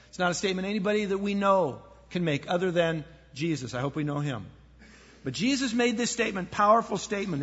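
A man preaching a sermon as pastor, earnest, sometimes dropping to a hush for emphasis. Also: high voice, breathy edge. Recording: echoey hall, dull lo-fi sound.

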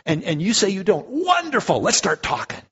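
A man preaching a sermon in a conversational, animated way, often restarting his words. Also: high voice, moderate pace, husky. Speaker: pastor. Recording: muffled echoey hall.

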